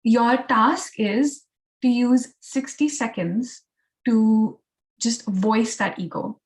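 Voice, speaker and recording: Woman with running a club activity, upbeat and chatty, highish voice. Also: darkish tone. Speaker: keynote speaker leading an activity. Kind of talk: online club session hosting.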